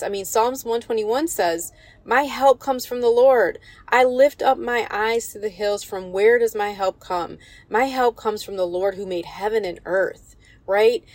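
A woman's voice: mid-range voice, a little mellow, dry recording. A woman giving an earnest, encouraging devotional Bible teaching, quoting scripture with emphasis. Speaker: Bible teacher and business coach.

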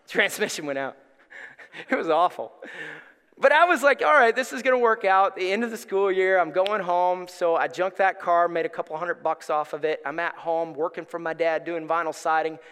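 A middle-aged male pastor telling a personal story in a sermon, animated and acting out the voices in it. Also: on the high side, moderate pace, smooth. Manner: animated, acts out voices in his stories. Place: church sanctuary. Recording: reverberant church hall.

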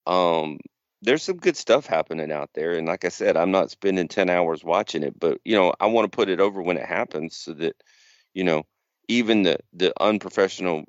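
A man's voice: deep voice, moderate pace, no room sound, muffled recording. A man co-hosting a podcast, casually rambling through a story. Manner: rambling storyteller, acts out quotes. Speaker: podcast co-host. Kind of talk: casual chat.

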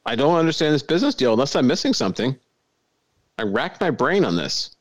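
A man's voice: mid-range voice, big pitch swings, quick pace, lo-fi sound. A man co-hosting a podcast in casual chat, wry and joking, often laughing as he talks. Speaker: podcast co-host.

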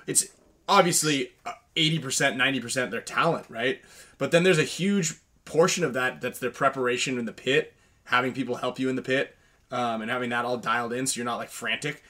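A man's voice: medium pitch, a little fast, sharp tone. A man hosting a casual podcast chat, laid-back, with stammered restarts.

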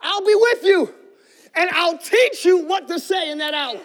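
A male pastor preaching a sermon with fervent energy, often shouting and calling out to the congregation. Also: extremely high pitch, a little slow, a faint crowd.

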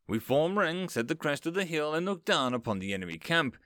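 A man tells a comic first-person fantasy tale with a lively, swooping voice that climbs high for the characters he plays. The sound is dry and close, with no room around it. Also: brisk, no room sound. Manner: lively storyteller, raising pitch for quoted characters. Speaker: narrator.

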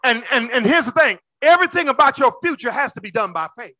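Animated and quick-paced, a man preaches a sermon in a high, bright voice that veers from booming shouts to near-whispers. He calls out to his congregation, recorded close and dry without room sound.

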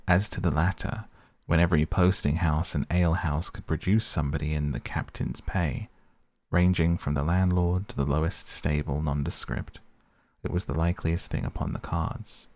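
A man narrating a classic novel as an audiobook in a measured, steady way. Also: a bass voice, no room sound, studio quality. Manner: measured, even storytelling.

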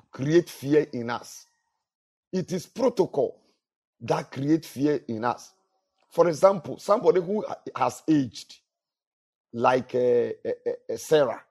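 A man's voice: on the high side, dark tone. A male pastor preaching a sermon, earnest, with repetitions and restarts.

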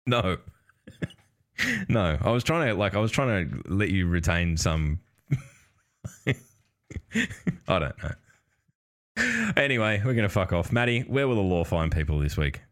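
A man's voice: low voice, lively intonation, unhurried, long pauses. A man hosting a casual chat show, rambling and swearing with frequent laughter. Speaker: podcast host.

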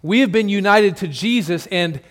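Pastor guy preaching, kinda high voice, gets loud and punchy then goes quiet, calls out people in the pews by name. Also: normal speed. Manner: emphatic, builds to loud declarations then drops low; addresses congregation members by name. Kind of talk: sermon.

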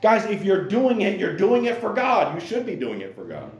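A man's voice: high voice, huge pitch swings, normal speed, darkish tone. A man preaching a sermon to young people in a church, earnest and repetitive, calling out to his listeners again and again. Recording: roomy echo.

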